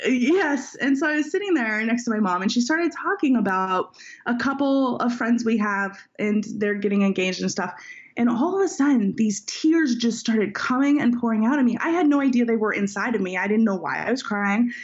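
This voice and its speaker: A woman's voice: on the high side, lively intonation, normal speed. A woman author telling a personal story in an interview, reflective and heartfelt. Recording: dull lo-fi audio.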